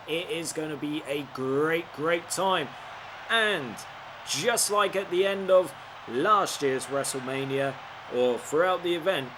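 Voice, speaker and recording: A man's voice: on the high side, noisy background. Playful man commentating gameplay. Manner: playful, animated reactions. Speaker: game player. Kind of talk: gaming commentary.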